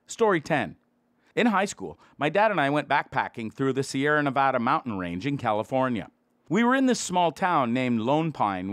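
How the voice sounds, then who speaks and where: A man reading internet stories aloud as a narrator, his pitch moving a lot from line to line. The delivery is scripted and animated. The sound is dry and close to the mic. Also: no echo. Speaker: story narrator.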